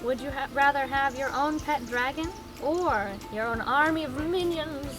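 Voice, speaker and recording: A woman's voice: sits high, normal speed, over music, low-quality recording. A woman in casual chat, playfully reading out questions with dry asides. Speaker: co-host reading out audience questions.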